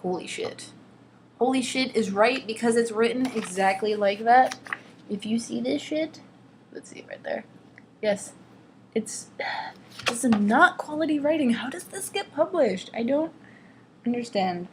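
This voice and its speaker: A woman's voice: a little high, animated, a little slow, pauses often, background noise. A young adult woman reviewing a novel in a vlog, mocking and exasperated as she reads passages aloud with overdone drama. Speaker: vlogger reading a novel aloud. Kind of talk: casual sarcastic book commentary.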